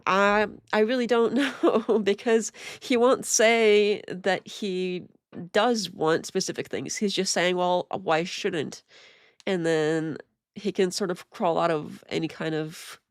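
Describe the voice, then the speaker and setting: Gravelly-voiced woman streamer. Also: medium pitch, no echo, clean studio sound. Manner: rambling, exasperated, with self-interrupting restarts. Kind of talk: casual live-stream commentary.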